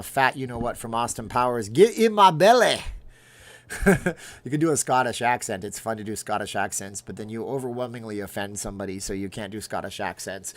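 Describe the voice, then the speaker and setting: Rambling middle-aged man chatting on a livestream. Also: on the low side. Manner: rambling, jokey, reacts aloud to viewer comments. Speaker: livestream host reading chat. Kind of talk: casual livestream chat.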